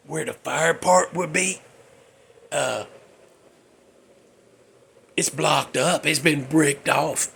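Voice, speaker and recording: A man's voice: on the high side, creaky, pushed and bright, a little hiss or hum. A man hosting a casual, rambling talk about movies, with a folksy manner. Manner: rambling, folksy, puts on voices for characters. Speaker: host.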